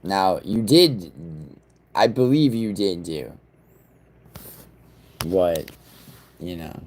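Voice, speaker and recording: Low-voiced guy streaming, rambling and swearing at his chat, a bit of room hum. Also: animated, very slow, a little mellow. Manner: rambling, profane, talks straight to chat. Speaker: livestream host. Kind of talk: casual livestream chat with viewers.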